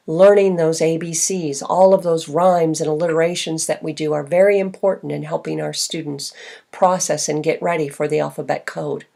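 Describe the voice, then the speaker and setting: A woman literacy consultant giving a recorded teaching presentation, speaking clearly and slowly stretching out example words for listeners. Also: lowish voice. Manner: clear instructional delivery, slow modeled words.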